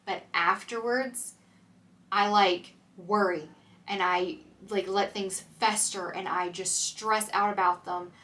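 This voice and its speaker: A woman's voice: mid-range voice, steady tone, slow pace, sharp tone, distant mic. A young woman chatting candidly to camera as a vlogger, full of "like" and "um". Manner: chatty, candid, filler-heavy with "like" and "um". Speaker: vlogger, military spouse. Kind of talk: casual chat to camera.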